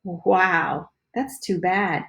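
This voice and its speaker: A woman's voice: fairly low pitch, fairly even intonation, very slow. A woman voicing a playful boy friend calling on the phone, goofy and joking. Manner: goofy, croaky put-on voice at times.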